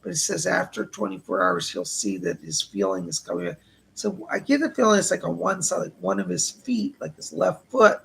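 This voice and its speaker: A man doing live psychic readings on a stream, calmly reassuring viewers and passing on messages. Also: sits high, moderate pace, gravelly, slightly rough. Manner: reassuring, relays spirit messages, reads viewer questions aloud.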